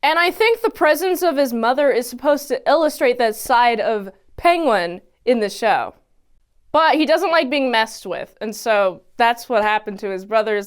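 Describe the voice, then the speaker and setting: Woman, high voice, casual and expressive TV recap host who jumps in and out of character voices. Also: clean tone. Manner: animated, exclamatory, acts out characters' lines. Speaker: TV episode reviewer.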